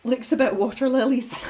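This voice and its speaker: A woman's voice: high-pitched, mellow, breathy edge. A young woman chatting in a rambling, self-deprecating way while she paints on a live stream, laughing often. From Scotland. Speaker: art streamer.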